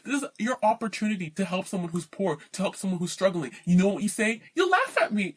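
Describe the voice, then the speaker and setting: A woman's voice: medium pitch, very animated, fast talker, few pauses, husky. A woman giving an indignant, emphatic personal rant to camera, worn out and mocking the people she talks about. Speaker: vlogger.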